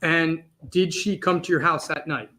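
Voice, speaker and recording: A male attorney questions a witness in court. He asks short, plain questions at a measured pace. His voice sits on the higher side for a man. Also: fairly even intonation, pushed and bright. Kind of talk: courtroom examination.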